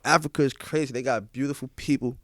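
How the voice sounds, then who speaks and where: A man's voice: medium pitch, fairly even intonation, quick pace, no echo, clean studio sound. A young man, a DJ being interviewed on a podcast, telling stories in casual slang and often asking "you feel what I'm saying?". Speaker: guest DJ.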